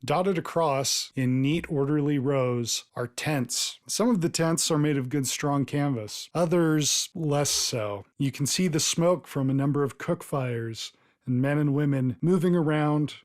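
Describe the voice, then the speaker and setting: A man narrates a tabletop role-playing session as its game master. He paints scenes slowly and descriptively, in a voice of middling pitch.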